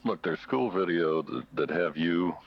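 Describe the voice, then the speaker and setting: A man's voice: low-pitched, lively intonation, a little slow, gravelly. A man investigating, bluntly confronting a suspect in a police interview. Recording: dull archival footage with faint noise.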